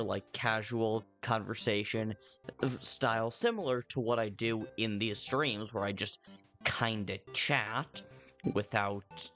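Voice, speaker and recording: A man's voice: mid-range voice, a bit bright. A man streaming a video game, chatting casually in a rambling, playful way and often correcting himself. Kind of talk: casual livestream chat.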